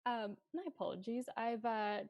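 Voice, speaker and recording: A woman's voice: a little high, steady tone, moderate pace, a little mellow, no room sound, highs cut off. A woman playing her character in a tabletop game, hesitant and polite, with many ums. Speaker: player. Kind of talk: in-character tabletop role-play.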